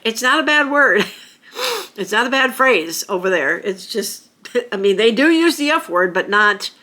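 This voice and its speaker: Young American woman vlogger, bright and chatty, lots of fillers and light laughs, middle pitch. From United States. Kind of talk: casual chat to camera.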